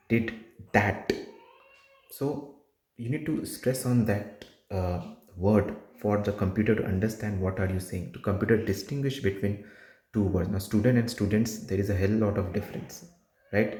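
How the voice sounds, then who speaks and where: Low, mellow-voiced man coaching. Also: moderate pace, reverberant. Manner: repetitive, emphatic, frequent restarts. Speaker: test prep tutor. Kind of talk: informal exam coaching.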